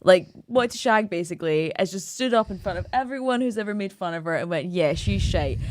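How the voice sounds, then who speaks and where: A woman with a Scottish accent co-hosting a podcast, ranting forcefully about a film with dry humour. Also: medium pitch, no room sound. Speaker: podcast co-host. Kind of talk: casual chat.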